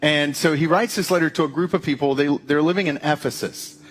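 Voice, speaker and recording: A man preaching a sermon as pastor, in a conversational, animated way with playful asides. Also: fairly high pitch, a little fast.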